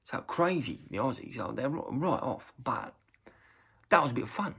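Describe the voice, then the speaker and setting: A middle-aged man with an English accent spins a loose, rambling story, full of "uh"s, and he breaks into loud acted quotes. His voice has a gravelly, husky edge to it. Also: medium pitch, big pitch swings, normal speed. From England. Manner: rambling anecdote with many fillers, jumping into loud acted quotes. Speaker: vlogger reacting to a video. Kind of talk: casual storytelling.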